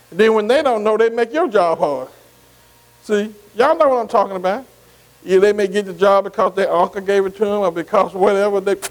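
An older preacher with a high-pitched voice, working through scripture in a loose, conversational sermon. He keeps checking in with his listeners, tossing in "see?" and "amen" between his points. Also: poor audio. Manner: repetitive call-and-response, many "see" and "amen" asides. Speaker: pastor. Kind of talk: bible study sermon.

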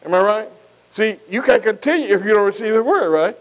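A man's voice: high voice, lively intonation, brisk, rough recording. A man preaching a sermon, emphatic and repetitive, calling on his congregation to answer him. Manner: call-and-response, asking the congregation to answer.

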